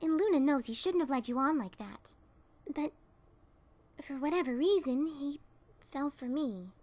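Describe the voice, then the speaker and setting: A woman's voice: sits high, expressive, measured pace, a little mellow, pitched above the performer's own voice. A woman voicing a cheerful, sheepish adult mare who works as a mail carrier, in a fan reading of a pony story. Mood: apologetic.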